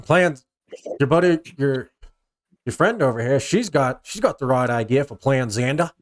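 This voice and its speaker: A man with a New Zealand accent, narrating a tabletop role-playing game as game master, halting and restarting as he describes scenes. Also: medium pitch, animated.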